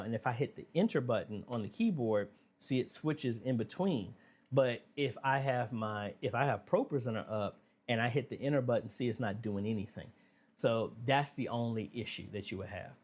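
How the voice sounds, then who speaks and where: A relaxed man hosts a casual livestream Q&A. He talks in an easy, conversational way, often pausing on fillers. His voice sits at an ordinary pitch. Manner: relaxed, conversational, frequent fillers, reads viewer questions aloud. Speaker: livestream Q&A host.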